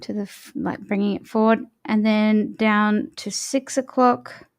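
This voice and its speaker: A woman vocal coach leading a morning warm-up, chatty and encouraging as she talks the listener through each step. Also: mid-range voice, fairly even intonation, a little slow.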